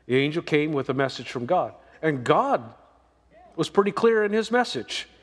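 A man's voice: a little high, big pitch swings, moderate pace, in a large hall. A man preaching a sermon as pastor, folksy and emphatic, drawing out the verses he reads.

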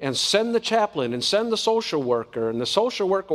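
A man's voice: high-pitched, very animated, brisk, in a large hall. A man preaching a sermon in an earnest, conversational way, often asking the congregation questions.

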